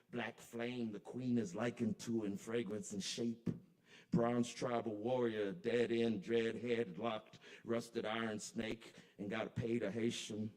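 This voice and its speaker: A man at an open mic in a kava bar, performing spoken word poetry in a rhythmic, incantatory way that swings between soft and loud. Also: mid-range voice.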